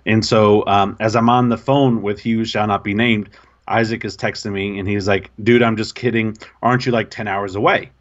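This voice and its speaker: A man's voice: lowish voice, fairly even intonation, moderate pace, lo-fi sound. Self-mocking man telling a story. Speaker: podcast co-host. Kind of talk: casual storytelling chat.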